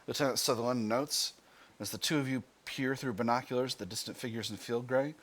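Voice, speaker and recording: A man's voice: medium pitch, steady tone, brisk, a bit bright. American man reading game text aloud. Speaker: gaming channel host.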